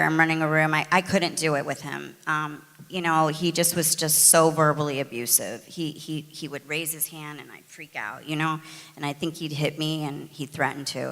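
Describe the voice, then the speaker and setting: A middle-aged woman from the United States, candidly telling her recovery story in a chatty, animated way, full of fillers and restarts. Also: sits low, big-room sound. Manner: conversational, frequent fillers and restarts, animated retelling. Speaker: guest sharing her recovery testimony.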